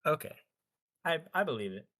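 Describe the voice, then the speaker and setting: A man's voice: on the high side, big pitch swings, a little fast, bright, forceful tone. Blunt ranting man on a podcast. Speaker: podcast co-host. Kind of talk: casual podcast chat.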